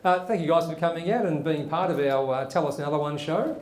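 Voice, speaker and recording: A man's voice: a little high, quick pace, darkish tone, echoey room. A man hosting and doing stand-up, talking casually with many fillers. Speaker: host and comedian. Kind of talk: stand-up comedy.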